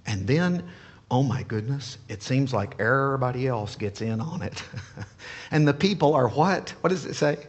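Husky male preacher in an echoing hall. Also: fairly high pitch, unhurried. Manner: animated, playful, rhetorical questions. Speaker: pastor. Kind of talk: sermon.

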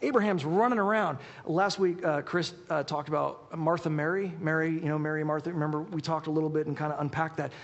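Fast-talking male pastor in an echoing hall. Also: fairly high pitch, highs cut off. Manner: quick, animated, with frequent restarts. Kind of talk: sermon with Bible reading. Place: warm church hall. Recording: reverberant hall.

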